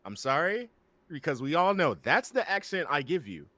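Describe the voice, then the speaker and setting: A man's voice: fairly high pitch, sing-song, sharp tone, no room sound. An American man co-hosting a casual podcast chat, joking and swearing freely. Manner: profane, joking, talks fast and loose. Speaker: podcast co-host.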